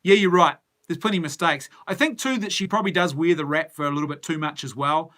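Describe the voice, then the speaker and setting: Talking at a quick pace, the host of a casual movie news live stream, a middle-aged man with a New Zealand accent, sounds pushed and bright in a somewhat high voice. He muses his way through answers to viewer comments.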